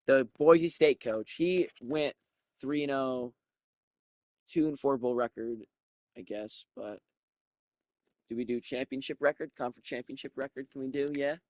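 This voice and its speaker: A young man giving casual, profane commentary while playing a video game, thinking out loud and getting excited. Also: mid-range voice, a little slow, long pauses, no room sound, studio quality. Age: young adult.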